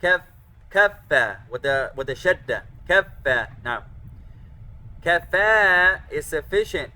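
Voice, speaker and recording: A man teaching an online class, patient and slow, pausing often and correcting students. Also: fairly high pitch, lively intonation, bright, forceful tone. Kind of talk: online Arabic and hadith class. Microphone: computer microphone.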